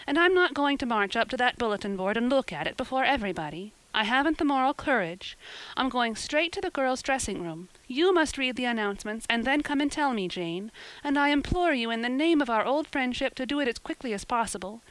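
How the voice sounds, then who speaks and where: A woman's voice: a little high, animated, brisk, fairly bright tone, dry recording, pitched above the performer's own voice, low-quality recording. A woman voicing an eager, dramatic teenage girl who talks in gushing, pleading bursts. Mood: anxious, pleading.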